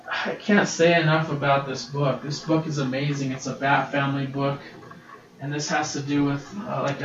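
A man's voice: medium pitch, background noise. A man hosting a casual solo podcast, gushing and swearing freely as he reviews comics, recorded on a laptop's built-in mic. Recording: roomy, distant, dull laptop-mic recording.

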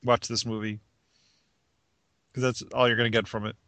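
A man's voice: mid-range voice, level tone, normal speed, bright, forceful tone, dry recording. A man co-hosting a casual podcast chat, rambling with restarts and laughing at his own jokes. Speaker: podcast co-host.

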